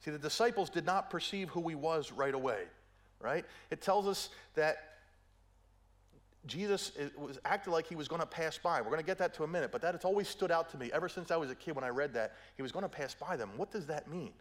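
A man's voice: a little high, a little fast. A middle-aged man preaching a sermon, telling stories playfully, acting out quotes and often checking in with "right?". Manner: playful storytelling, acts out quotes, keeps asking "right?".

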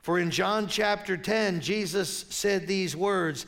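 A man's voice: high-pitched, takes it slowly, vocal fry, few pauses, fairly bright tone. A middle-aged man preaching a sermon as pastor, in a conversational way with stumbling restarts when he tells stories.

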